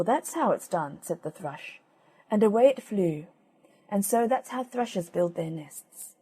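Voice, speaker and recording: A woman reading old fairy tales aloud as an audiobook narrator, gentle and measured. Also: on the low side, creaky, slightly rough. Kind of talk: storybook reading.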